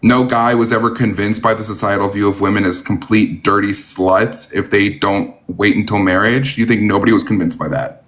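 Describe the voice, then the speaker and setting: Blunt, sarcastic low-voiced male stream host. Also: fairly even intonation, normal speed. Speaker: live debate host. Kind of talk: casual live-stream debate.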